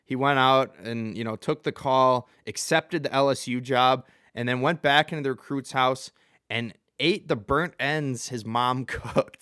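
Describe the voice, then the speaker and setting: A man hosts a casual sports talk show in a rambling, self-deprecating way, often chuckling mid-sentence. His voice sits at an ordinary middle pitch and has a smooth, resonant tone. It is recorded dry and close, with no room sound. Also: fairly bright tone, dry recording.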